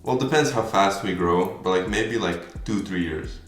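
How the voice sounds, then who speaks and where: A man's voice: sits low, moderate pace, soft background music. A man, co-founder of a clothing brand, chatting casually and a little hesitantly in a Q&A. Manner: relaxed, hesitant with fillers. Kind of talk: casual Q&A chat. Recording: echoey room, faint noise.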